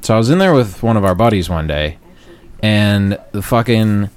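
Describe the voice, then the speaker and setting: A man co-hosting a casual chat show, telling a profane story and loudly acting out what people said. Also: fairly low pitch, normal speed, clear, resonant tone. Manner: profane, animated storyteller, loud acted-out quotes.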